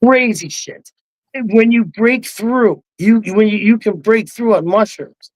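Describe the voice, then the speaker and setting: Profane excited storytelling man. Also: high voice, unhurried, no room sound, rough recording. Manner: excited, heavily profane, acts out quotes. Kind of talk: casual storytelling.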